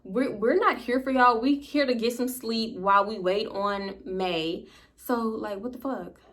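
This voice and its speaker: A young woman with a bright, forceful voice pitched a little high tells a personal storytime to her viewers. She talks in a candid, animated way, swearing freely as she goes. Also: unhurried. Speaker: storytime vlogger. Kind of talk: casual storytime monologue.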